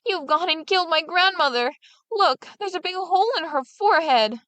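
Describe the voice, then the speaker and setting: A woman voicing a clever young male farmer who speaks in a high, eager voice. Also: lively intonation, moderate pace, fairly bright tone, dry recording. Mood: sly.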